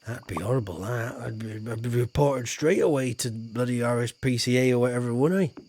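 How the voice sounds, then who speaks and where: A man's voice: mid-range voice, fairly quick, darkish tone, a little hiss or hum. A man with a Yorkshire accent chatting casually and jokily to his viewers while playing a game. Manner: chatty, jokey, banters with chat, slips into put-on voices. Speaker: streamer. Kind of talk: casual game-stream chat.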